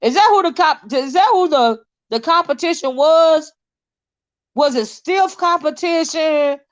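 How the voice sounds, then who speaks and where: Woman streamer with a high voice, chatty and giggly, roasting her chat, muffled dry sound. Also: measured pace, no echo. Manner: laughs often, teases her chat, sidetracked and rambling. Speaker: livestream host. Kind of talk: casual live-stream chat reading viewer comments.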